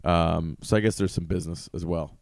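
A man's voice: deep voice, fairly even intonation, brisk, a little mellow, no room sound, studio quality. A young adult man in casual podcast chat, telling stories candidly and at length with many fillers.

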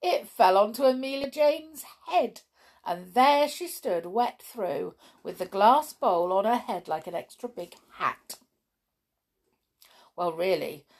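A middle-aged woman reads a children's storybook aloud with lively, expressive narration. Between chapters she chats directly with young listeners, cosy and relaxed, her pitch moving in the usual middle range. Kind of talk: children's story reading and chat.

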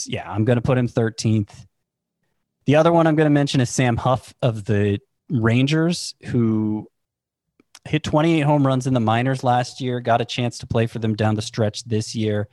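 A man's voice: mid-range voice, a little mellow, dry recording, studio quality. A man analyzing fantasy baseball in casual podcast chat, thinking aloud and correcting himself as he goes. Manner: thinking aloud, restarts, second-guesses himself.

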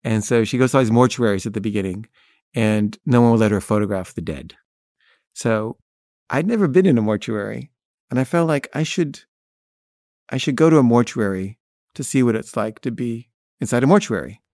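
A man's voice: medium pitch, lively intonation, a little fast, darkish tone. A man tells a first-person story in a candid, wry way, with an easy mid-range voice. He laughs at himself as he goes. The sound is dry, with no room echo. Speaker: filmmaker telling a personal story.

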